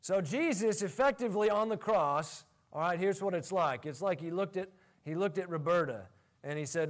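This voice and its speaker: A male pastor preaching a sermon in an animated way, laughing often as he talks. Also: high voice, normal speed.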